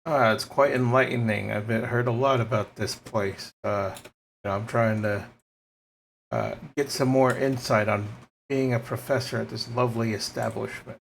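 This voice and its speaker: A man's voice: mid-range voice, steady tone, moderate pace, vocal fry, a little hiss or hum, close to an everyday voice. A man voicing a male gnome who puts on a posh voice and stammers, in a tabletop game.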